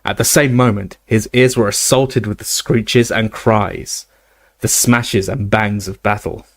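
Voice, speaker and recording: A man narrating a fantasy novel aloud, steady, with occasional slips and restarts. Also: fairly low pitch, measured pace, dry recording. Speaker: audiobook reader. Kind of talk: casual audiobook narration.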